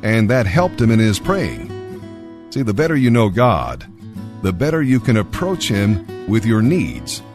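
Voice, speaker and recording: A man reading scripture and giving devotional commentary in an earnest, expressive way. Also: on the low side, measured pace, music in the background. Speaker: Bible reader and devotional speaker.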